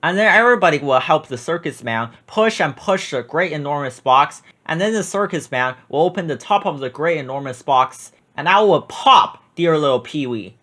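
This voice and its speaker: A man reading a children's picture book aloud with expressive, drawn-out emphasis. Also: fairly high pitch.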